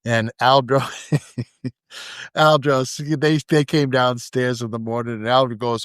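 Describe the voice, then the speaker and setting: A man's voice: mid-range voice, flat delivery, measured pace, smooth, no room sound, clean studio sound. A man hosting a fishing podcast, chatting with enthusiasm and livening up when retelling stories. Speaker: podcast host. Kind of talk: conversational interview.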